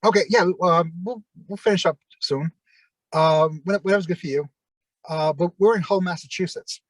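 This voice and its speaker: A man's voice: sits high, moderate pace, dry recording, low-quality recording. A middle-aged man, a former pro wrestler, telling rambling stories on a video call and acting out the voices of the people he quotes. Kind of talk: casual anecdotal storytelling.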